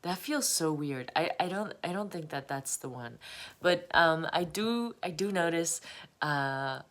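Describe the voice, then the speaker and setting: A woman's voice: low voice, animated, unhurried, fairly bright tone. A woman vlogging a rambling, emotional confessional monologue, laughing often as she talks. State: emotional, close to tears.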